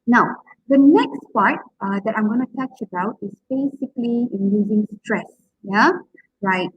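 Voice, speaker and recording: A woman's voice: mid-range voice, breathy edge, no echo, highs cut off. A woman giving a university lecture on public speaking, often checking in with "okay?" and drawing out words to model their stress.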